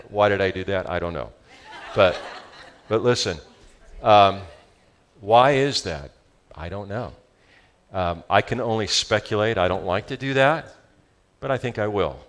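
Socal guy pastor preaching to his church, lowish voice, jokey and animated. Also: unhurried, pauses often. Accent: Southern Californian. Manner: animated, joking with the congregation. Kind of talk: sermon.

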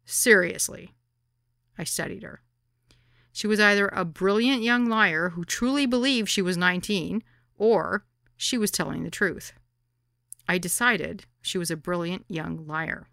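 A woman narrating her own memoir as an audiobook, wry and deadpan. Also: on the low side, measured pace, creaky, no room sound, studio quality.

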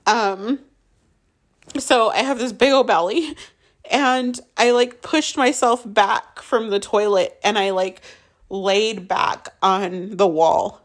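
A woman's voice: mid-range voice, slow. A woman telling a raw, emotional story from her own life in casual speech, often saying "like" and swearing.

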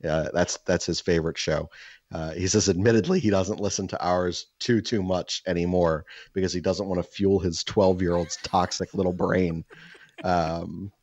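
A man's voice: sits low, fairly even intonation, moderate pace, a little mellow, no echo, muffled recording. A man co-hosting a podcast, telling crude stories in casual chat and cursing freely. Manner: crude, joking storyteller who curses freely. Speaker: podcast co-host.

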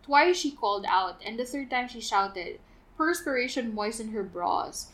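A woman's voice: a little high, measured pace, poor audio. A woman co-hosting a podcast, retelling an old epic in casual chat and acting out the characters' lines. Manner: animated retelling, puts on voices for quoted characters.

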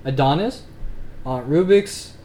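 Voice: mid-range voice, slow pace, dark tone, lightly acted. A game master voicing Donnie, a laid-back and friendly young man in a tabletop game. The lines come in loose, drawling, casual greetings. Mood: breezy.

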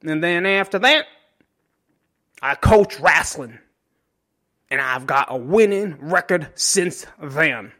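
A man voicing a boastful former state wrestling champion turned coach, with a country accent, pitched higher and louder than his own voice. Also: expressive, takes it slowly, long pauses, heavily acted. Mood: bragging.

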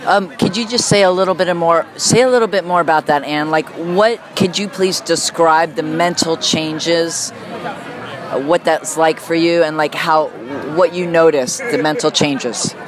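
An interviewer on the street, gently asking follow-up questions for listeners. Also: mid-range voice, fairly even intonation, normal speed. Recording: loud crowd noise outdoors.

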